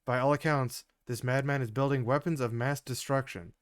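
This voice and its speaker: Young man, mid-range voice, casual let's-play commentary, prone to laughter and excited outbursts, dry sound. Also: mid-range voice, moderate pace, no echo. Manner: reads game story text aloud with dry asides, laughs easily; gets loud and excitable reacting to gameplay. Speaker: game streamer.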